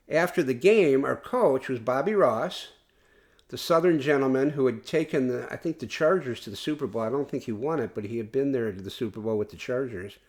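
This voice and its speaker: A man sits alone at the mic hosting his own podcast. He talks in a loose, earnest, rambling way and often circles back to restart a sentence. His voice sits at an ordinary middle pitch. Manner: rambling, earnest fan talk with frequent restarts. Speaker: podcast host. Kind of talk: casual solo podcast monologue.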